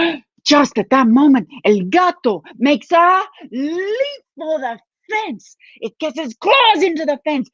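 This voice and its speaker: A woman telling a bilingual children's story, animated and laughing, dropping to whispers for suspense. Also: sits high, a little slow, no room sound, muffled recording. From Australia.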